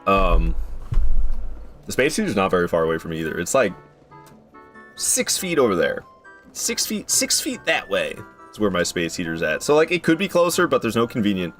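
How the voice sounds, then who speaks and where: A man casually chatting through a game stream, excitable and prone to swearing, swinging from mumbles to loud outbursts, recorded in a room at home. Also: sits low, moderate pace, pauses often, soft background music. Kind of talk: casual gameplay commentary.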